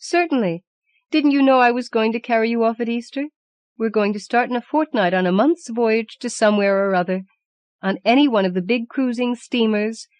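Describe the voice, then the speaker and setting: A woman's voice: a little high, a little fast, a little mellow, no room sound, pitched above the performer's own voice, natural voice. A woman reading the lines of an anxious young wife in an audiobook, urgent and coaxing.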